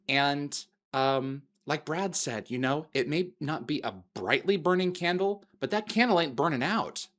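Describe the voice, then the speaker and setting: A middle-aged man hosting an interview, talking earnestly and haltingly with many restarts. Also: a little high, animated, a bit bright. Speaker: host. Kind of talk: interview talk.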